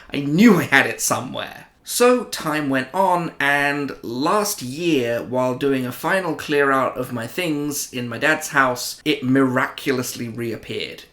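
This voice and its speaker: A British man from the UK, an animated, self-amused storyteller chatting casually in a home vlog. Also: medium pitch. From United Kingdom. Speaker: collector vlogger. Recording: roomy echo.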